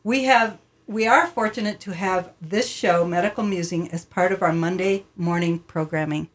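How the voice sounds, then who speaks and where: A woman's voice: on the low side, normal speed. A woman radio producer reading a prepared introduction of the host in a community radio studio, with small restarts.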